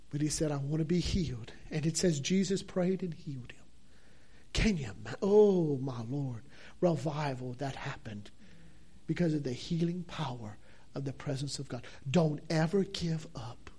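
A man's voice: a little high, mellow, husky. A man preaching a sermon, fervent and drawn out, repeating his phrases for emphasis.

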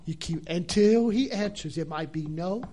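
A man's voice: high voice, moderate pace, mellow, slight background noise. A man preaching a sermon, fervent and drawn out, repeating his phrases for emphasis.

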